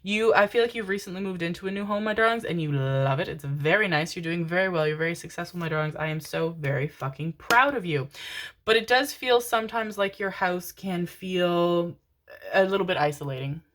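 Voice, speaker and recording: A low-pitched woman gives a casual tarot reading and calls her listeners "my darlings." She swears freely, repeats herself for emphasis and laughs often as she talks. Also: a little fast, fairly bright tone. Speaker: tarot reader. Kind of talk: pick-a-card tarot reading.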